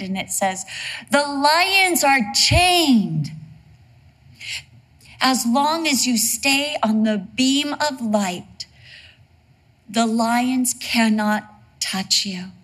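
A woman preaching a sermon in a lively, humorous storytelling way. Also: mid-range voice, slightly rough.

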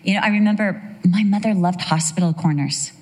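A woman's voice: mid-range voice, a little fast, darkish tone. A middle-aged woman delivers a sermon in a storytelling way, acting out the voices of the people she quotes. She drops in humorous asides as she goes. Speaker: women's Bible teacher. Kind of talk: sermon with personal stories.

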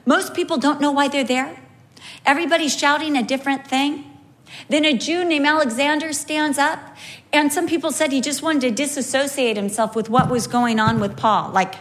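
A woman preaching a sermon in a storytelling way. Her voice sits fairly high. She stretches key words slowly and swings her pitch widely for emphasis. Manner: animated, wide pitch swings, slow emphatic phrasing.

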